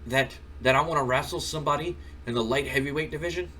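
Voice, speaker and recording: A man's voice: on the high side, fast talker, bright, forceful tone, slight background noise. A man voicing an arrogant male wrestler who complains indignantly. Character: arrogant male wrestler, whining, self-important.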